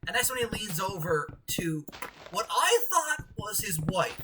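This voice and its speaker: A young man from Canada tells workplace stories in a loose, rambling way, full of fillers and sudden bursts of excitement. His pitch leaps high and drops low as he gets into it. He sits back from the microphone, and steady background noise runs under his voice. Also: a little slow. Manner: animated, rambling, many fillers, bursts of laughter. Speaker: podcast co-host. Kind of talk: casual storytelling over gameplay. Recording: distant mic with clear background noise.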